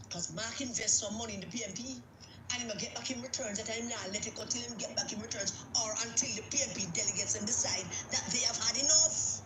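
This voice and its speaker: This Jamaican-accented woman, a political commentator, talks quickly in a slightly high voice, ranting angrily and emphatically about politics and repeating lines for force. The rough recording has reverb and music in the background.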